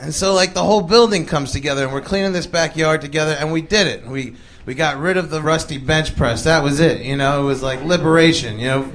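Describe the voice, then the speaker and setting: A man's voice: fairly high pitch, a little fast, few pauses, a bit bright. Chatty male comedian telling a story. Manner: chatty, laughing, many fillers. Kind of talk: stand-up storytelling. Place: stage before a live audience. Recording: live recording with audience noise.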